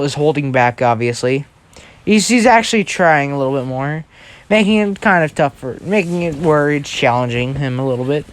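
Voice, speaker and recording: A man's voice: mid-range voice, no echo. Rambling man making up a story. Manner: rambling, constantly checking in with "right?"; changes details mid-thought. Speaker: fan storyteller. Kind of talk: improvised casual storytelling.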